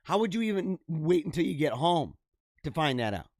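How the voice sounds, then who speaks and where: A man's voice: a little high, big pitch swings, normal speed, no echo, studio quality. A man hosting a show, casually reading out odd news stories and riffing on them with lots of laughter, speaking straight to his viewers. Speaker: podcast host.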